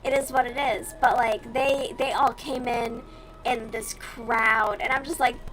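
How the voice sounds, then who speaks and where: Young woman livestreaming, bit high voice, swears a lot, chatty, noisy room behind her. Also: fairly even intonation, unhurried, a bit bright. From US South. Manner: blunt, profane, chatty. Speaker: streamer. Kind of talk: casual chat while crocheting.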